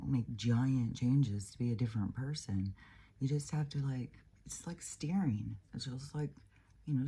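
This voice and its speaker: Older woman, spiritual vlogger, deep mellow husky tone, meandering casual delivery. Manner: rambling, reflective, casual swearing.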